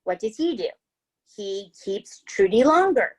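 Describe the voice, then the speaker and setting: A woman's voice: mid-range voice, big pitch swings, measured pace. Woman podcast host with a mid-range voice, chatty and casual, who swears as she spins a true-crime tale. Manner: chatty, swears, tags lines with "right?" and "okay?".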